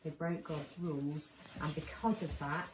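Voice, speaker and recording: A woman leading a children's church session, telling a Bible story with lively voices and asking the children questions. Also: low voice, measured pace. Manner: animated, asks children questions, acts out lines. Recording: roomy and distant with faint noise.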